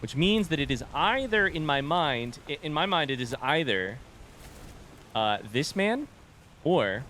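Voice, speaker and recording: A man's voice: a little high, very animated, slow pace, long pauses, bright, forceful tone, a little hiss or hum. A man hosting a game playthrough, thinking aloud and muttering as he works through a puzzle. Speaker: let's play host. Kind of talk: video game commentary. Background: game music.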